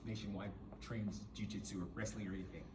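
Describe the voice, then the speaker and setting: A man's voice: on the low side, level tone, fast talker, recorded from a distance. A man coaching jiu-jitsu to police, teaching through a hands-on demonstration and often checking in with "right?". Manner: emphatic, keeps checking in with "right?". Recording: echoey room with faint background noise.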